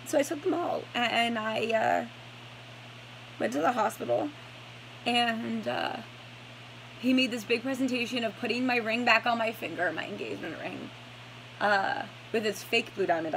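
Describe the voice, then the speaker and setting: A woman telling her own story to the camera, halting, with many fillers and restarts and blunt swearing, while stressed and starting to get a headache. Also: on the high side, creaky, a little hiss or hum, rough recording.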